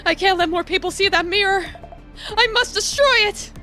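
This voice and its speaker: A woman's voice: extremely high pitch, normal speed, bright, forceful tone, faint music behind, voice pushed up. A woman voicing a deranged female killer who poses as a ghost, reading her lines with brooding menace. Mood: brooding, frantic.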